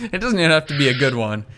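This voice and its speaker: A man co-hosting a podcast in casual chat, rambling with lots of fillers and laughing often. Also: on the high side. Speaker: podcast co-host.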